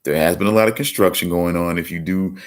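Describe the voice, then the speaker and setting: Deep-voiced man rambling on a livestream. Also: quick pace. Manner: rambling, many restarts, repeats "certainly". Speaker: livestream host. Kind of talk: casual livestream chat.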